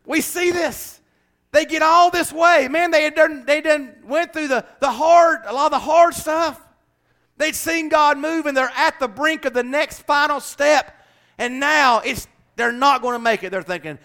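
A man preaching with passion in a high, bright voice. He swings from hushed scripture reading up to ringing shouts. Laughing asides keep it loose and lively. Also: measured pace, creaky. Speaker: pastor. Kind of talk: sermon.

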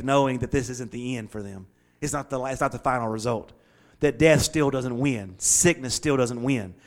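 Male preacher delivering a sermon, emphatic, repeats lines for effect, mid-pitched voice that climbs high and loud when fired up. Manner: builds to loud high-pitched excitement at times.

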